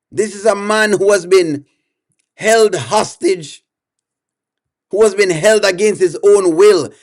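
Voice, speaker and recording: A man with a high-pitched voice gives comedic reaction commentary. He is animated and teasing, and he often laughs and says the same line again. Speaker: reaction video host.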